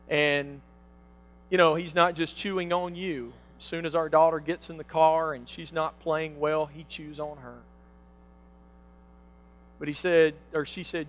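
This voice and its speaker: A man preaching a sermon, telling a personal story with animated swings between loud bursts and hushed quotes. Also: a little high, measured pace, long pauses, low-quality recording.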